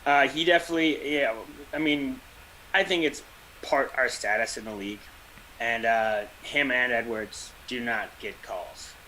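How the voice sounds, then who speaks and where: This is a man chatting casually on a fan podcast. His voice is bright and forward. He rambles and slips in dry jokes, with a faint hiss under the recording. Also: mid-range voice, measured pace, poor audio. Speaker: podcast co-host. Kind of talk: casual chat.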